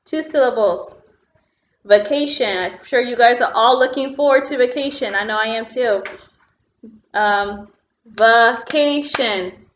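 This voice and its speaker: A woman's voice: fairly high pitch, measured pace. Patient woman teacher at a whiteboard. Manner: patient, explains step by step with filler words. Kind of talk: online phonics lesson at a whiteboard. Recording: roomy, dull lo-fi classroom sound.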